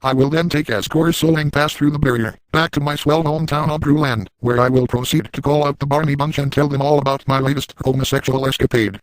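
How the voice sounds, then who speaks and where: A man's voice: on the high side, fairly even intonation, a little fast, few pauses, no echo, lightly acted, poor audio. A man voicing a crude, gleeful, boastful adult man in a comic parody, narrating in first person with a brash, over-the-top manner.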